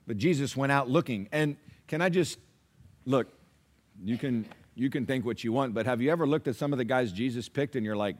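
Brisk and mid-range, a male pastor's sermon feels conversational and dynamic, swinging from emphatic loud lines to hushed remarks while he mimics replies from his listeners.

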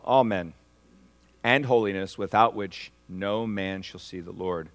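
A pastor preaches a sermon in a voice that sits low, calling on the congregation for responses. He swings between hushed, slow lines and loud, rising ones.

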